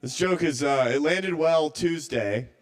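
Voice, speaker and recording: A man's voice: on the high side, measured pace. A man doing a stand-up set at a live open mic, rambling and self-doubting, stammering through restarts.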